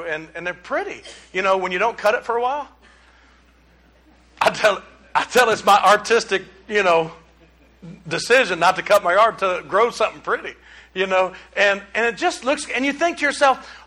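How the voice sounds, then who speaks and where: A man's voice: high voice, expressive, normal speed, sharp tone. A man preaching a casual sermon, rambling and conversational with folksy asides to the congregation. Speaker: pastor.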